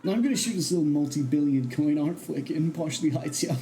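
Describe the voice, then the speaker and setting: A man's voice: a little high, animated, fast talker, warm tone, slight background noise. A man voicing a boastful, smug male movie star who brags about his fame. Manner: smug, bragging.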